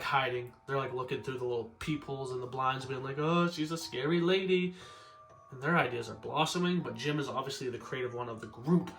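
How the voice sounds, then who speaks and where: A man casually reviewing an old horror episode in a relaxed, slangy way, swearing now and then. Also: medium pitch.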